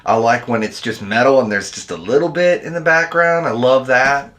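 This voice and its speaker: Man, American accent, casual stream chat, rambling, laid-back, mid-pitched voice. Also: normal speed, fairly bright tone. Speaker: video editor and channel host. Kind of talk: casual livestream chat with viewers.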